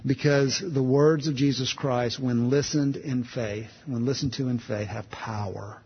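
A man's voice: mid-range voice, steady tone, unhurried, slightly rough, big-room sound, dull audio. A man preaching a sermon in a conversational, storytelling way, restarting phrases as he goes.

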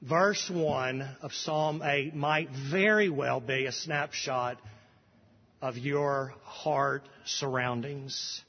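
A male pastor preaching a sermon, slow and emphatic, with repeated phrases and sudden bursts of emphasis. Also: medium pitch, steady tone, slightly rough. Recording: dull lo-fi audio with long hall reverb.

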